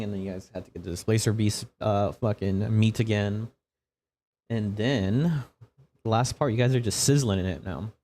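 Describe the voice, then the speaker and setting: A man's voice: fairly low pitch, darkish tone. A man narrating as game master of a tabletop game, casual and profane with a rambling delivery.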